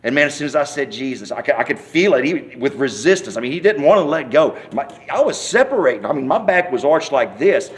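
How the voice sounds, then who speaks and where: With a medium pitch and a quick pace that barely pauses, a man gives his testimony as a church member in an interview. He's an animated storyteller, folksy and rambling with frequent restarts, acting out scenes and hollering quoted cries.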